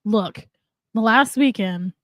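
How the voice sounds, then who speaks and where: A woman's voice: fairly high pitch, takes it slowly, dry recording. A woman co-hosting a casual podcast, enthusiastic and swearing freely. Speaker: podcast co-host. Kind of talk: casual chat.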